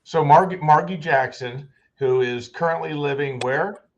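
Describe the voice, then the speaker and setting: An American man hosts a podcast interview over a video call, rambling and restarting many times. His voice is on the high side and a little slow, and the audio has a dull lo-fi quality.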